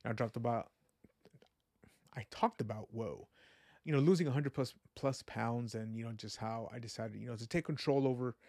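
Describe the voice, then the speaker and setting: A man's voice: medium pitch, normal speed, mellow, no room sound, clean studio sound. A man hosting a podcast, talking in an earnest, rambling, reflective way, full of "you know" and "like". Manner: reflective and faith-minded. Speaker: podcast host. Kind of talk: casual personal podcast monologue.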